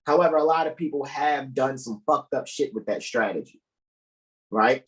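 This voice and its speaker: A man hosting a live talk stream, emphatic and profane, often bursting into loud, incredulous questions. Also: medium pitch, normal speed, rough recording. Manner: profane, keeps asking "right?". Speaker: host. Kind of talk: animated livestream talk.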